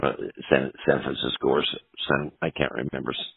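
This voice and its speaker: A man's voice: rumbling low, flat delivery, a little fast, creaky, breathy edge, no room sound. A middle-aged man telling rambling, profane road stories as an interview guest. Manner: rambling, profane, lots of "you know". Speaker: punk guitarist interview guest. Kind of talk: casual storytelling interview. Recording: tinny phone-like audio.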